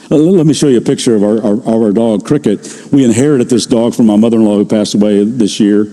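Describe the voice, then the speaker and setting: A man's voice: on the low side, dark tone. Older male pastor preaching in a reverberant hall. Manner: conversational storytelling, slows for emphasis. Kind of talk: sermon.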